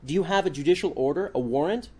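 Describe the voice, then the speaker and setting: Guy reading out a young journalist, indignant and scared, voice pushed up high and loud. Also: fast talker, breathy edge. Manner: pleading, rising indignation.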